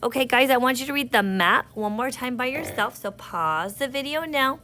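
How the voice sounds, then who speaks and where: A woman teaching an early reading lesson, slowly sounding out words for young children. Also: high voice, lively intonation, bright, forceful tone, a little hiss or hum. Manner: slow, patient, sounding out words, speaks to kids.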